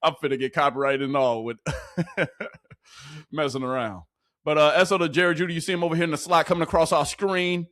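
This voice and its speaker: A young man casually breaking down football practice clips, excitable and full of slang, repeating his lines and laughing as he goes. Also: fairly high pitch, fairly quick. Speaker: football reaction commentator. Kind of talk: casual hyped clip breakdown.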